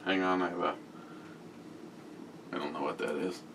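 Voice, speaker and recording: A man's voice: deep voice, fairly even intonation, normal speed, a bit bright, distant mic, slight background noise. A man on a casual beer-review vlog reads out viewer comments with crude, joking humor and a lot of swearing.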